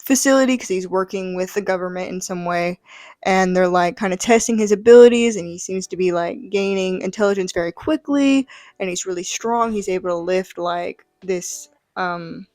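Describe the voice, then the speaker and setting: A woman's voice: mid-range voice, normal speed, a little mellow, no echo. A woman reviewing a comic book in casual chat, rambling with lots of fillers. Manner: rambling, full of "like" and "um".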